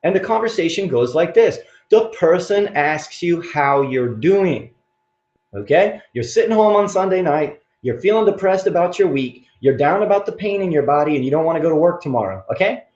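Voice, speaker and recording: A man teaching qigong in an animated, playful way, often laughing as he demonstrates. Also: fairly high pitch, moderate pace. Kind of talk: motivational teaching talk. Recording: roomy, dull-sounding recording.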